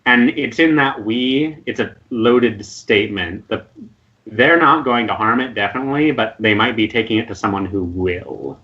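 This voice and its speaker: Male game master, lowish voice, measured narration, muffled online call sound. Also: pushed and bright.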